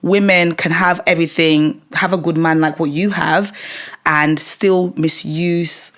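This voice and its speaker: A woman in casual chat, speaking in a thoughtful, measured way. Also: deep voice, fairly even intonation, a bit bright.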